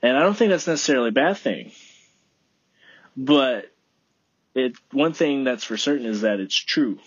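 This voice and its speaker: Man, casual podcast monologue, rambling, swears a lot, dry close sound, husky tone. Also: medium pitch, lively intonation, normal speed, no room sound, muffled recording. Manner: rambling, profane, self-talking. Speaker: podcast host.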